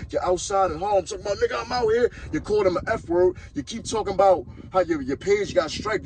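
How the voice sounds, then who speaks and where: The recording is low quality, with a bit of hiss or hum, and the man's voice sits high. He hosts a podcast out of Harlem, New York, ranting in blunt, mocking, heated street talk.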